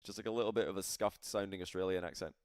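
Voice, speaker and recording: A man's voice: low voice, fairly even intonation, rapid-fire, no room sound, studio quality. Chatty man casting to stream chat. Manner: chatty, rambling, addresses chat. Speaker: esports caster. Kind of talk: casual live-stream commentary.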